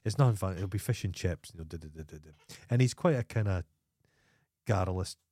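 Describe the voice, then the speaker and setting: A man's voice: low-pitched, fairly quick. A Scottish man co-hosting a podcast, telling stories in casual, sweary chat. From Scotland. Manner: sweary, animated storytelling. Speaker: podcast co-host.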